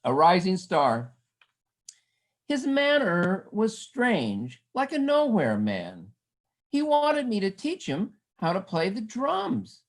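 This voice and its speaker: A woman reading her own poem at an online event, wry and lively, calling out counts in quoted lines. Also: medium pitch, slow pace, low-quality recording. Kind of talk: poetry reading. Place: home video call. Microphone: video call.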